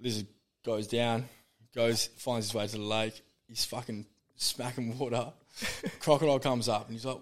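A man's voice: mid-range voice, flat delivery, normal speed. Australian man, young adult, swears a lot, laughs through stories, casual podcast chat. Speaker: guest, former pro footballer.

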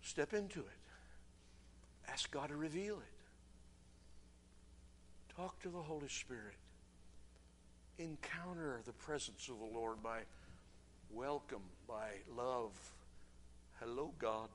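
A man preaching a sermon, swinging from shouting to hushed, near-whispered urging. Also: mid-range voice, slow, long pauses. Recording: reverberant hall, faint room noise.

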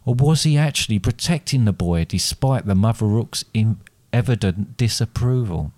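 Guy with a lowish voice reading out a grim fairy tale, slow and steady, dry close sound. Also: dry recording. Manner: steady, deliberate storybook narration. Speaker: storyteller and co-host. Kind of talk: reading his own dark fairy tale aloud.

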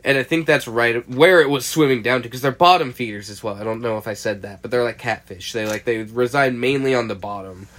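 A man's voice: mid-range voice, fairly quick, hardly any pauses, a bit bright. A young man casually chatting on a podcast, telling a rambling story, laughing and swearing as he goes. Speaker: podcast co-host.

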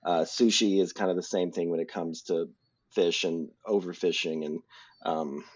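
A podcast co-host with a low, husky voice chats casually about films, rambling and using many fillers. He speaks at a moderate pace with fairly even intonation, and the audio is dull and lo-fi.

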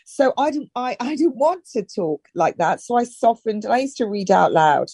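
A middle-aged woman from northern England talks as an interview guest, handing out brisk, direct instructions. Her voice is warm and mellow. It is recorded close and dry. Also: fairly high pitch, lively intonation, slightly rough, dry recording. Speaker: health and wellness guest. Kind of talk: casual advice-giving interview talk.

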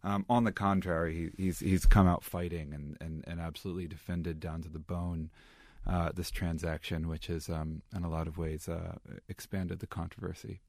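A man speaking as a guest analyst in a studio discussion, emphatic and halting, with many restarts. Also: low voice, flat delivery, darkish tone, dry recording.

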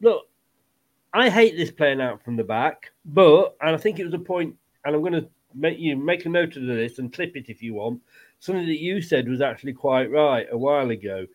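A man's voice: a little high, lively intonation, normal speed. Chatty man hosting football talk. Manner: chatty, laughs often, swears casually. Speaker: podcast host. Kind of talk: casual football chat.

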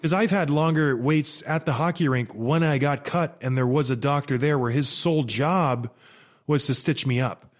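Animated storytelling man, fairly high voice. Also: normal speed. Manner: animated, exasperated, rambling with restarts. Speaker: vlogger. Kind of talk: casual storytelling monologue.

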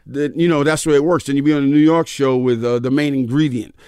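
A comedian guest in an interview, this man is a fast talker with a medium-pitched, clear, resonant voice, casually spinning animated stories and performing the voices of those he quotes. A studio mic in a dry garage room gives studio-quality sound with no room sound.

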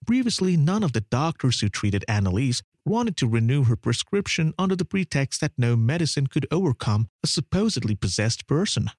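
A man giving a dramatic documentary narration in an expressive, swooping delivery. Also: on the high side, no room sound, clean studio sound.

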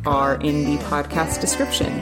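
A woman reads out a podcast's closing credits, brisk and friendly, her voice sitting fairly low. Theme music plays clearly underneath her. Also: steady tone, poor audio. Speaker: podcast co-host reading credits. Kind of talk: read outro credits.

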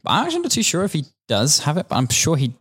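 A man's voice: fairly high pitch, wildly swooping pitch, fairly bright tone, husky. A man with a British accent co-hosting a podcast, chatting casually and joking around. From Britain. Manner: joking, quick-talking, does playful impressions. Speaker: podcast co-host. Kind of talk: casual chat.

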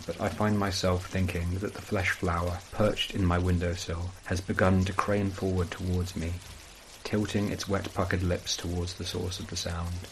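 A man reading a first-person horror story as scripted narration, in a measured, brooding way. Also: sits low, a little hiss or hum, poor audio.

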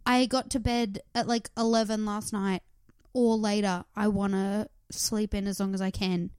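A woman's voice: mid-range voice, little pitch movement, moderate pace, a little mellow, clean tone, no room sound. A woman co-hosting a podcast, chatting casually and mockingly, often slipping into put-on voices for quotes. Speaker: podcast co-host. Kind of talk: casual chat.

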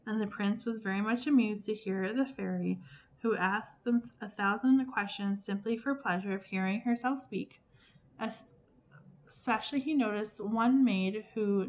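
A woman podcast host reading a fairy tale aloud in an even, measured way, with small slips she corrects as she goes. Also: mid-range voice.

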